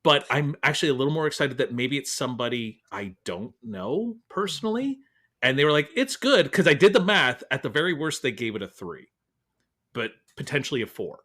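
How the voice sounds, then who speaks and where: A man's voice: mid-range voice, big pitch swings, a little fast, bright, forceful tone. A man hosting a podcast in casual chat, wry and joking, swearing for laughs. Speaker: podcast host.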